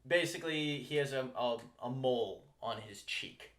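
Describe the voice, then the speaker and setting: A man's voice: medium pitch, normal speed, a bit bright. A man co-hosting a podcast, chatting casually, swearing freely and laughing often in exasperated banter. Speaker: podcast co-host.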